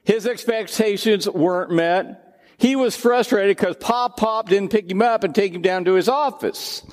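An older man preaches from the pulpit, his voice sitting notably high for a man. He talks to the congregation in a conversational, animated way, slipping into personal asides. The sound carries a long reverb, as in a large church hall. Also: unhurried. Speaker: pastor. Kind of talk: sermon.

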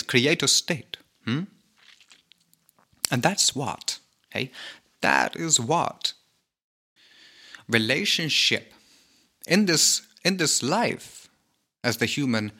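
A man's voice: medium pitch, bright, forceful tone. A British man hosting a podcast, speaking in a theatrical spiritual monologue with a Cockney and Glaswegian mix in his accent, drawing out phrases and dropping teasing asides. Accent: mixed Cockney and Glaswegian Scottish. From Britain. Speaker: podcast host.

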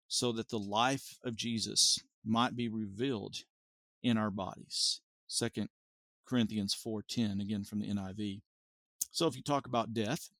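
A man's voice: mid-range voice, a bit bright, dry recording. A man in his forties giving an informal Bible teaching as a podcast host, explaining carefully and stopping to restate and correct himself.

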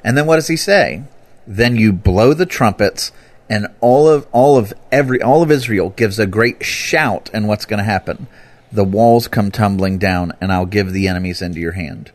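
A man explaining scripture in a relaxed, conversational way, bursting into loud, lively emphasis when he quotes it. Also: lowish voice, moderate pace, dry recording. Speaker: Bible teacher. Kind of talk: conversational teaching talk.

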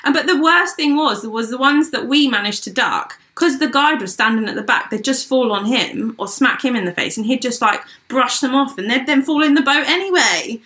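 A young woman from England with a bright, forceful voice tells a travel story in relaxed conversation. She is animated, laughs often and acts out quotes. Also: sits high, normal speed, few pauses. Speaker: podcast guest. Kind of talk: casual storytelling chat.

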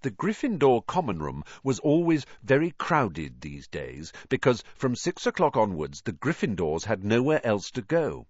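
A man's voice: mid-range voice, moderate pace, hardly any pauses, dry recording. Man narrating a storybook, lo-fi sound. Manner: expressive, varied delivery. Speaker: audiobook narrator.

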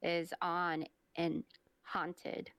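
A woman's voice: on the low side, monotone, very slow, a bit bright, clean tone, no room sound. A young woman co-hosting a podcast, chatting playfully and reading out her research. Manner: giggly, playful, reads research notes. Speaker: podcast co-host. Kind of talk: casual chat and storytelling.

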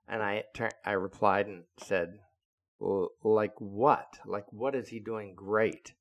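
A man in his seventies, a retired naval officer, telling a story in an indignant, deliberate, lecturing way. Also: fairly low pitch, fairly even intonation. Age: 70s. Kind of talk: casual storytelling monologue.

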